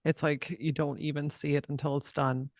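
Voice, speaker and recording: A woman's voice: deep voice, flat delivery, moderate pace, darkish tone, dry recording, studio quality. A woman podcast host speaking candidly and from the heart in a casual interview, with the odd swear word.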